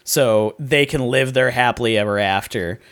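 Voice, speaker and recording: A man's voice: mid-range voice, moderate pace, a bit bright. A man casually chatting as a podcast co-host, with wry, sarcastic asides. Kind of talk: casual movie review chat.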